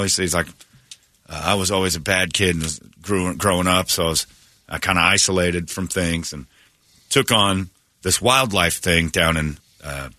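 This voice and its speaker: A man's voice: fairly low pitch, pushed and bright, no echo. A man hosting a morning radio show, animatedly retelling a story with quoted voices and many restarts. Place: radio studio. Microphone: studio microphone.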